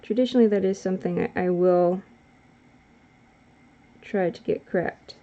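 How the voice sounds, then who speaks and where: A woman's voice: fairly low pitch, moderate pace, mellow. Woman rambling casually while drawing, keeps correcting herself, kinda muffled lo-fi audio. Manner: rambling, self-correcting, chatty. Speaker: art vlogger.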